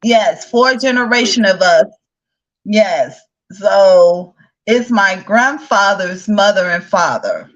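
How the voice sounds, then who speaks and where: A woman from the south side of Chicago, who speaks with a Southern accent and a drawl, hosts a casual live-stream chat, chatting and laughing often. Her mid-range voice is animated, but she takes things slowly. The recording sounds muffled.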